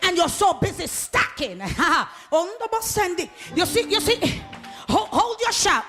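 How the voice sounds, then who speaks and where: A woman preaching a sermon with fervor, laughing often and swinging from talk into shouts as she calls on the congregation. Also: very high voice, big pitch swings, slow pace, soft background music.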